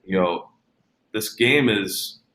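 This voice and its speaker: A man's voice: lowish voice, slow pace, a bit bright, roomy sound, poor audio. A man talking casually about baseball as an interview guest, telling stories with many fillers and restarts.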